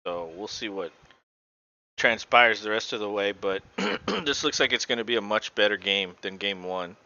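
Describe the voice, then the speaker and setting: A man's voice: fairly low pitch, normal speed, pushed and bright, highs cut off. A man casually calling live basketball play-by-play for a podcast, rambling and swearing with lots of fillers. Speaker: podcast co-host.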